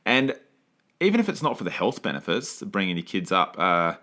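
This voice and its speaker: A man's voice: deep voice, sing-song, normal speed, bright, forceful tone. A man hosting a podcast, talking casually and rambling with many fillers and restarts. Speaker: podcast host.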